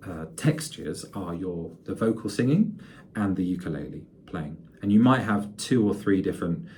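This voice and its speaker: A man's voice: deep voice, lively intonation, normal speed, a little mellow, slight background noise. A man lecturing music students in a conversational way, with many fillers and restarts.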